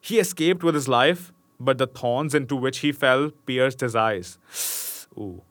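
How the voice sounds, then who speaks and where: A man's voice: mid-range voice, unhurried, a bit bright, dry recording. A young man casually reading a fairy tale aloud, stopping to joke and chuckle between passages. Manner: laid-back, joking, chuckles between asides. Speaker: storyteller.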